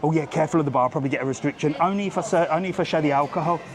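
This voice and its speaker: Racing along in a fairly high voice, a British man livestreams his travel vlog while walking a busy resort strip outdoors. Faint street noise sits behind his blunt, casually sweary rant as he greets people in this live walk-and-talk.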